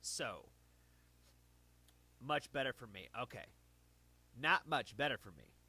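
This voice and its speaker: Medium in pitch and very animated, this man takes things slowly, his tone sharp with a breathy edge. Chatting casually to livestream viewers, he rambles and corrects himself while speaking close into his own streaming mic.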